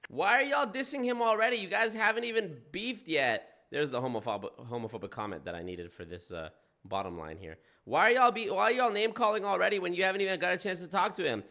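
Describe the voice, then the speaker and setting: Animated, mocking male streamer. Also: sits high, fast. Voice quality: mocking, incredulous. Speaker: streamer reacting. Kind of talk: casual live-stream commentary.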